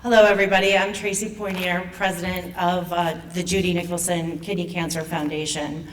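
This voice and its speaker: A woman in her forties, a foundation president, nervously and emotionally telling her own patient story at an event, with halting restarts. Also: fairly low pitch, little pitch movement, far from the mic, a little hiss or hum. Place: event hall.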